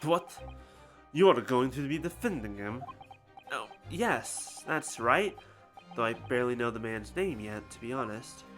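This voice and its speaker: A man's voice: mid-range voice, expressive, measured pace, fairly bright tone, soft background music. A man reading the lines of an earnest, easily startled young defense lawyer in a story game. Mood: surprised. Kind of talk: reading game dialogue aloud.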